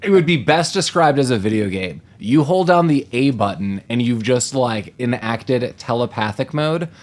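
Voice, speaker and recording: A man's voice: medium pitch, normal speed. A man with an ordinary, middle-height voice co-hosts a casual movie-review podcast. He jokes and laughs easily, speaking in a small room he shares with his co-host. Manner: jokey, laughs often, animated.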